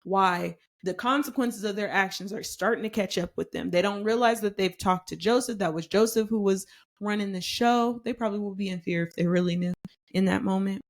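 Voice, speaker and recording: Woman, Bible study podcast host, conversational and emphatic, steady mid-range voice. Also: mid-range voice. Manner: conversational, emphatic, with slow deliberate scripture reading. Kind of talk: casual Bible study teaching.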